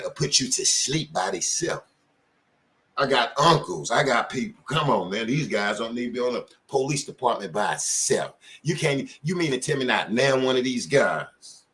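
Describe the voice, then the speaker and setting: On his channel, a middle-aged host fires off pointed questions with real passion while giving casual commentary in street slang. His voice is medium in pitch with a fairly bright tone.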